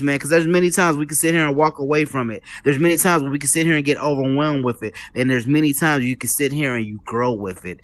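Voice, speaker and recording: Lively man hosting a live show, dry sound. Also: a little high, dry recording. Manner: animated, repetitive, preacher-like emphasis, calls the audience "folks". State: a little out of breath. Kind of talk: casual live show monologue.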